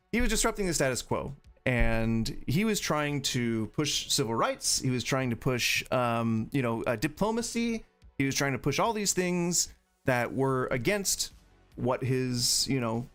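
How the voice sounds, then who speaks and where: A man's voice: medium pitch, animated, measured pace, fairly bright tone, soft background music. A man hosting a livestream podcast, ranting profanely and rambling with restarts. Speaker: podcast host. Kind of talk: livestream commentary.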